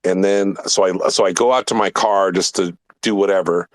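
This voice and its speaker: A man's voice: low-pitched, steady tone, moderate pace, no room sound. A man hosting a casual talk show, telling a rambling story full of swearing and emphatic asides. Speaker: podcast host.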